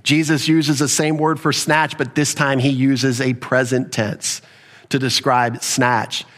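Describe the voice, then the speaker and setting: A man's voice: mid-range voice, flat delivery, a little slow, a bit bright. A man preaching an emphatic expository sermon, retelling a conversation and explaining Greek words from the text. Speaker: pastor.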